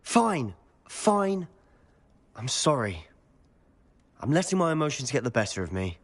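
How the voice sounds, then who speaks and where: A hot-headed young wizard, game character, husky voice, lively swings. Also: male voice, medium pitch. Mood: apologetic. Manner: impatient then apologetic, quick. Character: impulsive, frustrated young male wizard student.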